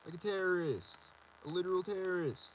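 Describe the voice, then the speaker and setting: A man's voice: high-pitched, brisk, slight background noise, low-quality recording. A man rambling in a solo video monologue, agitated and repetitive as he rants. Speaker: vlogger.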